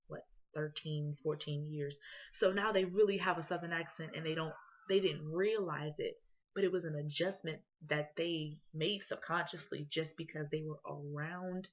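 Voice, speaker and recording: A young woman from Ohio giving a casual class presentation as a student, talking conversationally with lots of fillers. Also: deep voice. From Columbus, Ohio. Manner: casual, conversational, with many fillers and "you know"s. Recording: dull lo-fi recording.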